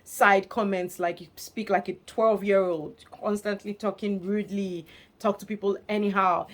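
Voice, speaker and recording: A woman vlogger recaps reality show drama in a casual, gossipy way. Her voice sits in a middle register, and she is animated and expressive, laughing often as she tells it. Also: medium pitch, normal speed.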